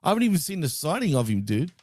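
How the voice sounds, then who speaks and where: Excitable man chatting wrestling, dude and bro. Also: a little high, very fast, slightly rough, no room sound, clean studio sound. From Greek heritage. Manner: loose and excitable, swears and says dude and bro. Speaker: podcast co-host. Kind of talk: casual wrestling chat.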